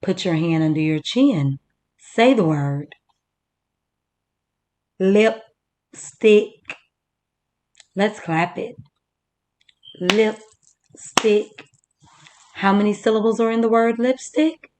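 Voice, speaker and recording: A woman teacher leading a first-grade reading lesson, slowly sounding out words for young children. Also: medium pitch, a little mellow.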